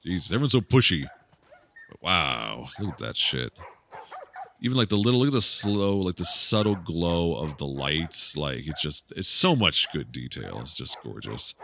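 A man's voice: very deep voice, big pitch swings, a little slow, creaky, bright, forceful tone, a little hiss or hum. A man giving rambling, joking commentary while playing a video game, laughing often. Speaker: gaming YouTuber. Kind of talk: casual let's-play commentary.

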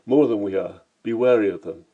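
A man's voice: lowish voice, brisk, narrow, tinny audio, close to an everyday voice. A man voicing an older male mentor who gives earnest, cautious warnings.

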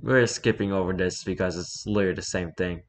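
A man's voice: sits low, a little fast. A young man hosting a mocking read-through of fan fiction, with sarcastic asides. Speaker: host.

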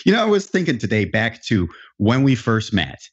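Very animated and husky, a medium-pitched man talks at a moderate pace while hosting a laid-back podcast interview. He jokes around and spins loose, restarting stories, all captured with dull lo-fi audio.

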